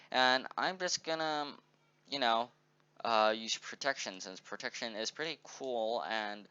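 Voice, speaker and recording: A man's voice: on the low side, sharp tone, clean tone, no echo. A man casually walking through a tabletop game sheet, thinking aloud and correcting himself as he goes. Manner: meandering, self-correcting, upbeat. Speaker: game tutorial presenter. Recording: dull lo-fi recording.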